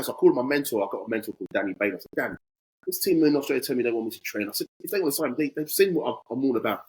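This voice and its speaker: A man's voice: medium pitch, expressive, rapid-fire, husky, low-quality recording. A man in his forties, a podcast guest telling a casual anecdote with animation and acting out both sides of conversations.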